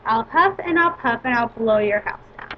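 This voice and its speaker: Woman reading a storybook big bad wolf, menacing but plainly recited. Fairly high voice, dull lo-fi audio. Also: lively intonation, moderate pace, natural voice. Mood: demanding. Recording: dull lo-fi recording with faint hiss.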